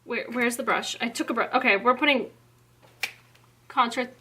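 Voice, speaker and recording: A young woman vlogging casually, giggly and flustered, exclaiming often as she rushes. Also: fairly high pitch, noisy background. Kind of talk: casual chat.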